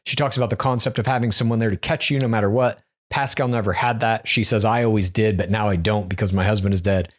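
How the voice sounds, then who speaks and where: A man's voice: on the low side, steady tone, fast talker, few pauses. A man co-hosting a podcast, recapping a reality show in a casual, joking way. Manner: joking, quotes cast members in silly voices. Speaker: podcast co-host.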